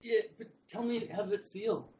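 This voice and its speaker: A man co-hosting a podcast who chats casually, laughing along with the story and dropping in quick teasing asides. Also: high voice, a little mellow, lo-fi sound, slight background noise. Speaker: podcast co-host. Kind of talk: casual chat, short reactions.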